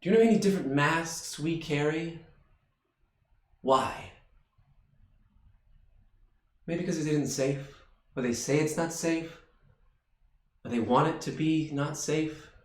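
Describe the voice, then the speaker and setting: A deep, hushed, world-weary voice, as a streamer puts it on in improv, speaking quietly and sighing. A roomy echo surrounds the soft delivery. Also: lightly acted. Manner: slow, low and hushed, with sighs.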